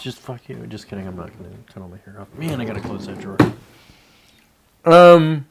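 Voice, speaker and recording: A man's voice: mid-range voice, a little fast, slight background noise. A man ranting on a casual livestream, frustrated and profane, rambling with many restarts. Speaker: livestreamer and real estate agent.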